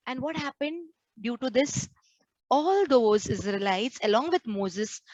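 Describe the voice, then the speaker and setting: A woman's voice: sits high, dry recording, lo-fi sound. A woman, a nun preaching a sermon to a prayer group and acting out the complaints she quotes. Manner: earnest, acts out quoted complaints.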